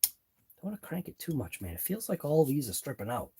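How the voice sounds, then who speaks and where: A man's voice: fairly high pitch, very animated, brisk, a little mellow, slight background noise. A man hosting a live RC car workshop stream, thinking aloud as he wrenches in his garage. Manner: muttering thoughts aloud as he works. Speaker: RC hobby channel host.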